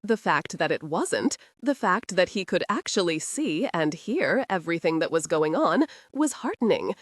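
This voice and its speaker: A woman's voice: moderate pace, no echo. A woman reading a historical romance audiobook aloud as narrator, telling the story with expression. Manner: expressive storytelling with lively pitch.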